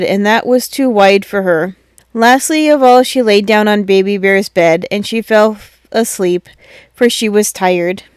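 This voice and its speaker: A woman reading a children's storybook aloud, gentle and measured. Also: fairly high pitch, clear, resonant tone, no echo, studio quality.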